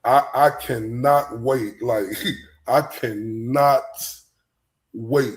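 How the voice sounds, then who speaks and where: A man's voice: mid-range voice, steady tone, very slow. A man hosting a casual livestream, rambling in loose slang and often breaking into laughter. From Texas. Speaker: livestream show host.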